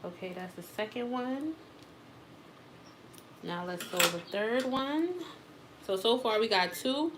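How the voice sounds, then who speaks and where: A woman's voice: a little high, animated, takes it slowly, long pauses, background noise. A woman teaching a live wig-making class, explaining steps in a casual, chatty way.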